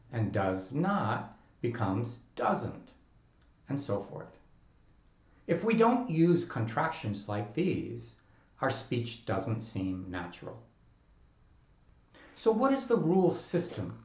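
A man lectures on a linguistics topic in a clear, measured way, his pitch moving animatedly through each point. The sound is dull and slightly lo-fi, with a roomy echo around his voice. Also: darkish tone. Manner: clear, measured explanatory delivery with careful enunciated examples. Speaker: linguistics professor. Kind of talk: recorded lecture.

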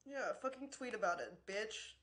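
A woman's voice: fairly high pitch, animated, normal speed, a bit bright. A woman streamer in an angry livestream rant, swearing constantly and sounding exasperated and worn out.

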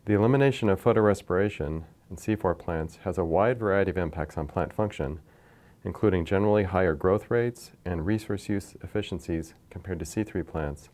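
A man lecturing from slides in a measured, explanatory way, pointing to figures as he goes. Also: sits low, a little mellow. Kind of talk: scripted science lecture over slides.

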